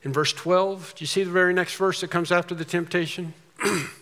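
A man's voice: sits high, steady tone. Emphatic preaching man in a hall. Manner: emphatic preaching, swings from quiet to loud and drawn-out. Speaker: pastor. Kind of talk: sermon.

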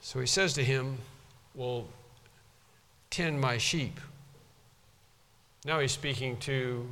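A man preaching an expository sermon, earnest and halting, often repeating words for emphasis. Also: mid-range voice, a bit bright, big-room sound.

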